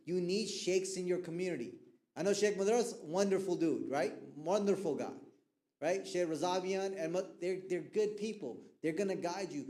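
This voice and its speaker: A man giving a lively lecture to young people in a mosque hall, asking the audience to fill in his words. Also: high-pitched. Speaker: guest speaker on mental health. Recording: echoey hall.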